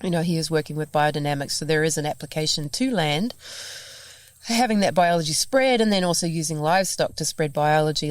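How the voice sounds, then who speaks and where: Brief: NZ-accented woman guest, low pitch, dry close sound, animated storyteller. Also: smooth, dry recording. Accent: New Zealand. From New Zealand. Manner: animated storyteller, laughs often, acts out dialogue. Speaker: podcast guest. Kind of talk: casual conversation. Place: farm, recorded in person.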